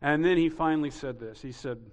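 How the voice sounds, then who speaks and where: Emphatic male preacher, slightly high voice. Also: brisk, dull audio. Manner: emphatic, building to repeated rising peaks. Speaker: pastor. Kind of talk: sermon. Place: church sanctuary. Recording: reverberant hall.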